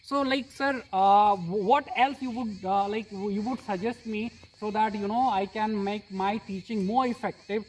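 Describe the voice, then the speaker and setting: Measured English teacher interviewing a guest. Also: mid-range voice, breathy edge, distant mic, low-quality recording. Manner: measured, explanatory, addresses guest as "sir". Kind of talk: reflective interview talk.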